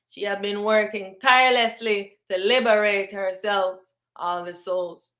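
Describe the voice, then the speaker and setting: Slow, emphatic woman preaching. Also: medium pitch, steady tone, a bit bright. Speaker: spiritual teacher. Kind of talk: spiritual sermon to the camera.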